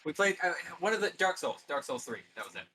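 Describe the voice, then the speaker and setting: A man's voice: on the high side, very animated, fast talker, bright, forceful tone. A man chatting casually on a stream, rambling with many hesitations as he tells a story. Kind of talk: casual chat.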